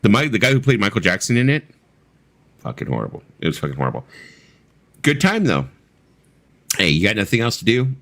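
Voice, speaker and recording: A man's voice: lowish voice, wildly swooping pitch, a bit bright. A man co-hosting a casual late-night stream chat, swearing freely and laughing as he talks. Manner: profane, laughing, does quick impressions. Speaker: co-host.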